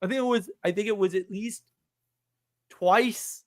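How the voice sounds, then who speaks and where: A man, telling a story on a live stream in an animated, indignant way. He laughs often and repeats words. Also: high voice, unhurried, dry recording. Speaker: podcast host.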